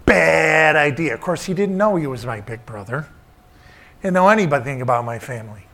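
A middle-aged man delivers a sermon in a somewhat high voice. He drives home short repeated lines with firm emphasis and slips into plain storytelling between them. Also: animated, normal speed, bright, forceful tone. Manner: emphatic, repeats refrains, tells stories. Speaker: preacher.

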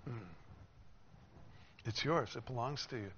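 A man's voice: mid-range voice, a little slow. A man preaching a sermon, explaining a passage and acting out the people in it with rising emphasis. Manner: expressive, acts out quoted speakers with rising emphasis. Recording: slightly dull with faint noise.

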